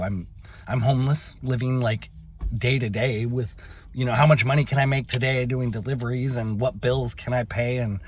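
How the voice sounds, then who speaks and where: A young adult man telling a personal story in a halting, emotional way, with many fillers and restarts. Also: mid-range voice, slight background noise. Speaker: vlogger.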